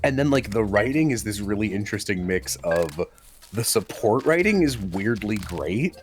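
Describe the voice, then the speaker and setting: A man chatting casually on a livestream, his stories animated and broken up by quick bursts of laughter. Faint music plays underneath his voice. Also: on the low side. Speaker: livestream co-host. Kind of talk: casual stream chat.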